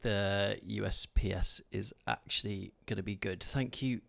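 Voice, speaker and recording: Speaking a little slowly, this streamer has a fairly low, slightly bright voice with vocal fry and fairly even intonation. Through a streaming microphone, he commentates live gameplay and banters with his viewers, teasing and thanking them in a talkative, easygoing way.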